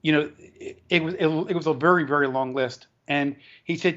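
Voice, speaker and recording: A man with a somewhat high voice recounts a story as an interview guest. He halts and restarts often as he gathers his words. The recording sounds dull and lo-fi. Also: fairly bright tone. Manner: halting, with frequent restarts and repeated words. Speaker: author and educator, interview guest.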